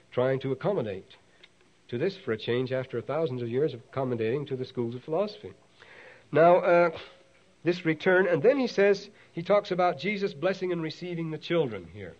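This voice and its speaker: A male lecturer in a hall, caught on a dull, lo-fi 1960s tape. He speaks at a middling pitch, wanders from point to point with fillers and restarts, and lifts his voice when he reads a quotation aloud. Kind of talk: university lecture on ancient texts.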